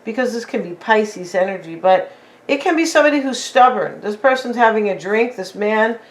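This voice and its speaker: A woman's voice: mid-range voice, lively intonation, normal speed, low-quality recording. A woman giving a casual tarot reading in a rambling, chatty way with many fillers and asides. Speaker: tarot reader.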